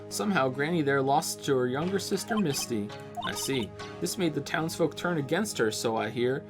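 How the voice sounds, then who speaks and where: A man's voice: mid-range voice, animated, normal speed, over music, lightly acted. A man voicing a bubbly young female photographer in an exaggerated, cartoonish Southern drawl. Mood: gossipy. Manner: folksy cartoonish Southern drawl imitating a goofy cartoon dog.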